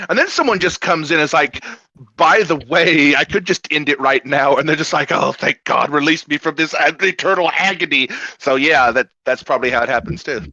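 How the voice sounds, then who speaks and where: A man's voice: a little high, sharp tone, no room sound. A man in crude, joking casual political chat, telling stories with put-on quotes. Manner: crude, joking, storytelling asides. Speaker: podcast guest. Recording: dull, dry home mic.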